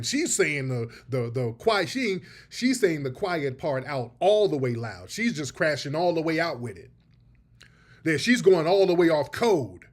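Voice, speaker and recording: Male host, pointed emphatic commentary, a little higher voice. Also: expressive, normal speed. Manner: emphatic, addresses audience as family. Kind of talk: commentary on played clips.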